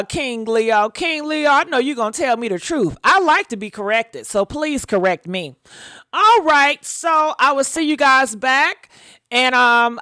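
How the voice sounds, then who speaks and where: A woman's voice: on the high side, bright, forceful tone, clear, resonant tone, no room sound, studio quality. A woman hosting a casual gossip livestream, talking bluntly and answering viewers' comments as they come in.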